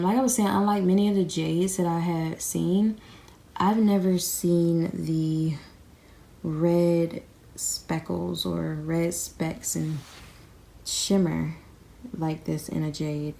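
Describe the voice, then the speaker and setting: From her bed, a young woman who makes crystal videos chats with viewers in a lowish, dark voice marked by vocal fry. She's sick and a bit breathless, rambling and saying y'all, recorded by a camera resting on the bed next to her.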